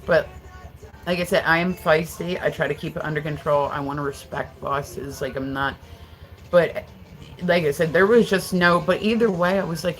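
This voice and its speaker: This middle-aged woman has a low-sitting voice and a moderate pace, heard on a low-quality recording. She rambles through casual livestream chat, swearing freely and spinning profane stories while responding to viewers' comments.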